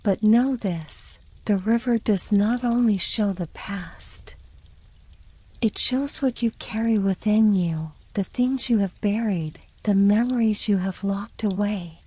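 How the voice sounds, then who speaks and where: A woman's voice: mid-range voice, low-quality recording. Woman whispering as an ancient, wise river spirit. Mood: solemn. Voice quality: whispered, slow and hushed. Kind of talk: whispered role-play.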